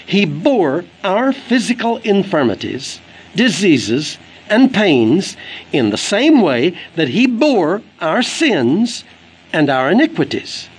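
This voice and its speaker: A man's voice: sits high, big pitch swings, slow pace, slightly rough, poor audio. A man delivering an earnest, emphatic sermon for an audio book, quoting scripture as he preaches. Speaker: evangelist preacher.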